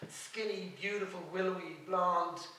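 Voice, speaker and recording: A man's voice: high-pitched, steady tone, a little slow. An Irish man hosting a stage roast, brash and bawdy, teasing his subject in front of a crowd. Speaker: roast host. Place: large club or theatre stage. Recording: echoey live venue, far from mic, loud crowd. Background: audience laughter and cheering.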